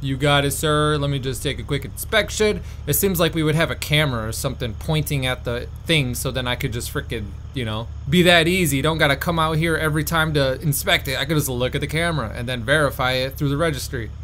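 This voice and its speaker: Guy doing casual joking game commentary, kinda high voice, chatty. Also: brisk, few pauses, fairly bright tone, slight background noise. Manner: joking, chatty, mock-friendly guard talk. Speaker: gaming YouTuber.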